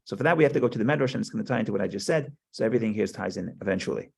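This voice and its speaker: A man's voice: lowish voice, expressive, racing, vocal fry, husky. A man teaching a conversational Torah class, telling stories with frequent restarts and repeated words. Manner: chatty storytelling with frequent restarts.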